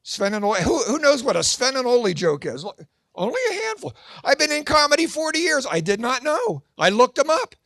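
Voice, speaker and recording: Older man, stand-up comedian, high voice, dry close sound, jokey asides. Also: big pitch swings, brisk, gravelly, pushed and bright, no echo. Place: church fundraising gala.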